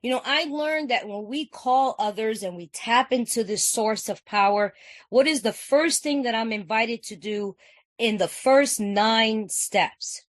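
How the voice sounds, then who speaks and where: A woman's voice: on the high side, measured pace, no room sound. A woman from California giving an earnest, conversational personal share at a recovery meeting, repeating phrases and often asking "you know what I'm saying".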